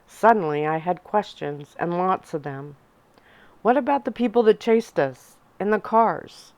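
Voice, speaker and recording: A woman reading a young adult novel aloud in a soft-spoken ASMR storytelling style, narrating in first person. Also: sits low, measured pace, no echo. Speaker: audiobook reader.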